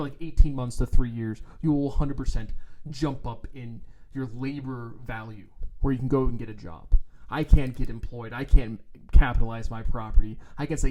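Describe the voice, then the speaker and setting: A man ranting into his own microphone on a vlog, with a mellow, darker tone at a middling pitch. He is blunt, profane and sarcastic, and he slips into mocking put-on voices to ridicule others. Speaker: trading vlogger. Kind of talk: ranting casual monologue. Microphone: own microphone, adjusted while talking.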